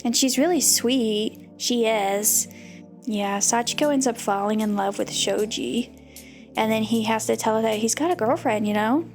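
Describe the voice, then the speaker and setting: A bubbly woman streamer who gives a chatty, giggly recap of a story she loves, her voice sitting high. Faint music runs quietly behind her. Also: normal speed. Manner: bubbly and chatty, full of "you know" and giggles. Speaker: VTuber host. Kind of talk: casual anime recap.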